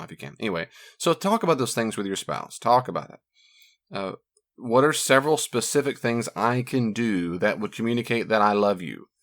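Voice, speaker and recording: A man speaking as a marriage counselor in a casual teaching talk, animated and acting out voices of the people he quotes. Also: fairly low pitch.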